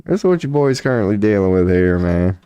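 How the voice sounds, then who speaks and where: A man's voice: fairly low pitch, very animated, fairly quick, dark tone, clean tone, dry recording, muffled recording. A man streaming casually from a small room at home, swearing, laughing and talking to a mouse. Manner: profane, laughing, talks to a mouse. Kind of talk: casual solo stream chat.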